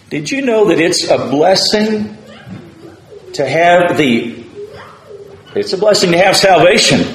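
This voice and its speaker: A man preaches in a high, unhurried voice. He paraphrases scripture and builds to fervent calls, and his words ring through an echoing church sanctuary. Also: a bit bright. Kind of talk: sermon. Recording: roomy church echo.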